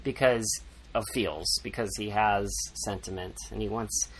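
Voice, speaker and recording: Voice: deep voice, fairly even intonation, unhurried, background noise. A podcast host recapping a book in casual chat, rambling, sarcastic and swearing freely.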